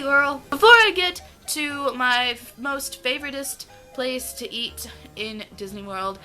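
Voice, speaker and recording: A woman's voice: on the high side, pushed and bright, rough recording. A young American woman gushing about her favorite foods in a casual vlog, stretching out her words. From United States. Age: young adult. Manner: gushing, enthusiastic, drawn-out words. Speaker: vlogger.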